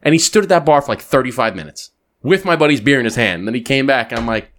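A male podcast host tells a rambling anecdote in an easy, talkative way, dropping profanity and tag questions. His pitch sits mid-range but leaps around expressively as he builds the story. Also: fast. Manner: animated, profane anecdote telling with frequent "like" and "right?". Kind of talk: casual storytelling chat.

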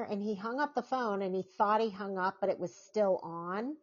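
A middle-aged woman hosts a podcast of casual chat, animatedly acting out the voices of people in her stories. Her voice is medium-pitched at a moderate pace. The audio sounds dull.

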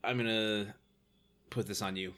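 A man's voice: on the low side, steady tone, moderate pace, bright, forceful tone. A man co-hosting a podcast, chatting casually about a movie with dry, wry remarks. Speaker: podcast co-host reviewing a movie. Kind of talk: casual chat.

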